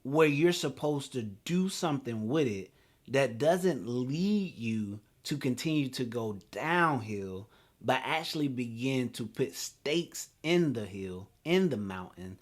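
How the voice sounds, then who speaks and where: A man in his thirties hosting a talk show, telling a story in an animated, laughing way. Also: mid-range voice, takes it slowly. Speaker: podcast host.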